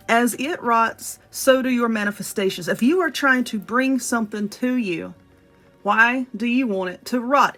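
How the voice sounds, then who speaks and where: A woman's voice: fairly high pitch, fairly bright tone. A woman with a Southern US accent giving a casual, blunt and profane spell tutorial at home, talking straight to her viewers. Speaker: witchcraft video host. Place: home room.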